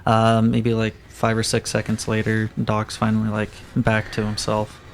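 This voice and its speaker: A man's voice: lowish voice, completely flat delivery, moderate pace, slight background noise. A man narrating as game master of a tabletop role-playing game, casual, with many fillers.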